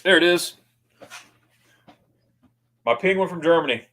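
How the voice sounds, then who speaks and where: Excitable livestream host with a lively voice. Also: male voice, fairly high pitch, measured pace. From United States. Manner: excitable, stammering restarts, greets viewers by name. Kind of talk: casual livestream chat reading comments.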